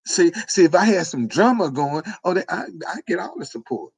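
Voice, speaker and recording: A man's voice: high voice, expressive, quick pace, creaky, few pauses, breathy edge. A man, delivering an informal preaching monologue with repetitive, emphatic phrasing. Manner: repetitive, emphatic, folksy street-preacher cadence. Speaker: online preacher.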